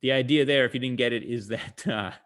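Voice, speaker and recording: A man's voice: medium pitch, a little fast, a bit bright. A male comedian talking casually to an online audience over a video call, in a conversational way, explaining his jokes and using a lot of fillers.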